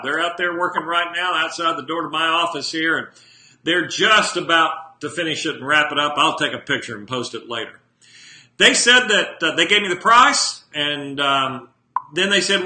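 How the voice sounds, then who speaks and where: A man's voice: a little high, sharp tone, roomy sound. A man speaking as a motivational speaker in a live video monologue from his home office, talking bluntly and emphatically and putting direct questions to his viewers.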